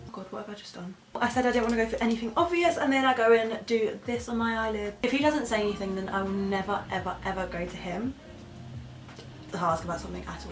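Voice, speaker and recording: A woman's voice: medium pitch, roomy sound, distant mic, slight background noise, rough recording. A young woman chatting casually through her makeup routine for a vlog, rambling and correcting herself as she goes. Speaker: beauty vlogger.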